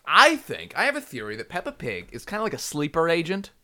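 A man's voice: on the high side, huge pitch swings, fast talker, bright, forceful tone. A man co-hosting a casual comedy news chat, reading out stories, joking and laughing often. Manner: jokey, laughs often, reads news items aloud. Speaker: podcast co-host.

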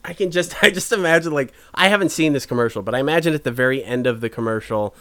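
A man's voice: medium pitch, bright, forceful tone. A man co-hosting a casual podcast, reading odd news and joking, laughing often and acting out people. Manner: amused, laughs often, acts out people in quick bits. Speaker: podcast co-host.

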